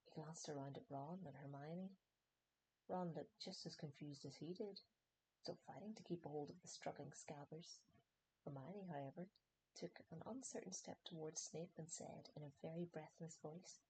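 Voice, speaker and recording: Low-voiced woman narrating an audiobook. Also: moderate pace, darkish tone, a little hiss or hum, poor audio.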